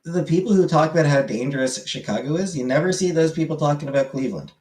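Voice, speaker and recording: A man's voice: on the high side, expressive, quick pace, a little mellow. A man hosting a livestream, chatting casually with his viewers and often correcting himself mid-sentence as he rambles. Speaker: livestream host answering chat. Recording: roomy echoey room.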